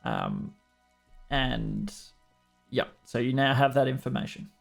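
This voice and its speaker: A man's voice: medium pitch, huge pitch swings, slow, vocal fry, faint music behind. An Australian man running a tabletop game as game master, talking casually with lots of filler words. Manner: casual, hesitant with many fillers.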